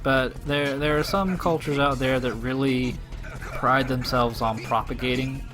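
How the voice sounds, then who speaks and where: A man's voice: mid-range voice, fairly even intonation, a little slow, over music. A man casually commentating a video game with a friend, offhand and crude in his jokes. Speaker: let's play commentator.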